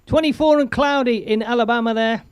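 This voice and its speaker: A man's voice: very high-pitched, a little fast, smooth, no echo. A man hosting a casual live stream, chatting, laughing and reading out viewer comments. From England. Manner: chatty, rambling, laughs often, reads viewer comments aloud.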